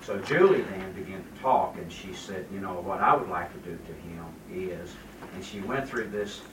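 A man's voice: low-pitched, lively intonation, moderate pace. A middle-aged man in a Bible class sharing an earnest personal testimony. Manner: earnest, building in emotion. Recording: distant roomy recording with background noise.

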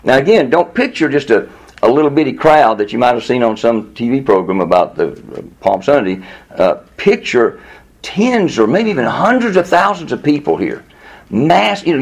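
A man preaching a Bible teaching in a conversational, animated way, often chuckling and repeating words as he goes. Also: fairly high pitch. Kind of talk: sermon teaching.

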